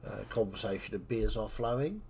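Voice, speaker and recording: A man's voice: on the low side, expressive, fairly quick, gravelly, a little mellow, a little hiss or hum. A man narrating a tabletop game as its game master, in easygoing talk with plenty of fillers.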